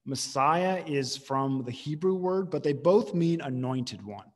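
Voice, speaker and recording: A man's voice: fairly high pitch, lively intonation, measured pace, a little mellow, in a large hall. A male pastor preaching a conversational, emphatic sermon, restarting phrases as he teaches.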